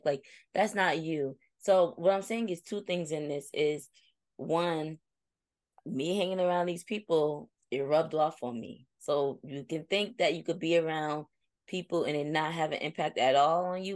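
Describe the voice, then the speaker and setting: A young woman with a low voice co-hosts a casual chat, telling stories in a reflective way. She livens up when she quotes her friends. The recording is dry and close. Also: dry recording. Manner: reflective, storytelling, animated when quoting friends. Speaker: co-host.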